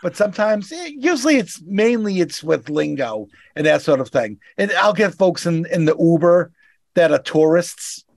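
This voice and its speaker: A man with a Boston accent, co-hosting a podcast and telling animated stories in casual chat. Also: high-pitched, moderate pace, gravelly, no echo, clean studio sound. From Boston, USA. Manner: animated storyteller, acts out callers. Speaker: podcast co-host.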